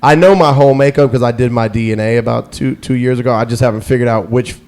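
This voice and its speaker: A man in his middle range of pitch, talking as a guest DJ on a podcast. He rambles through his stories, restarting sentences and piling on fillers. He grows more lively as the anecdotes unfold. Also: fast talker. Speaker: radio DJ guest. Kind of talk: casual podcast storytelling.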